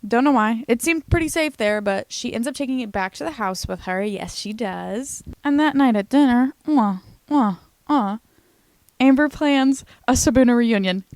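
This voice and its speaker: Young woman gushing through a tv recap, chatty and animated, dry close sound. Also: fairly high pitch, normal speed, hardly any pauses, dry recording. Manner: chatty, animated, swears casually. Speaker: recap vlogger. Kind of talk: casual TV recap commentary.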